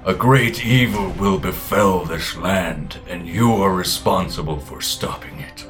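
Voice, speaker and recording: A man voicing a deep, scheming old dragon. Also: a bit bright, faint music behind. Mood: menacing. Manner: slow, drawn-out menacing speech. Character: ancient scheming male dragon. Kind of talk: game master voicing a monster.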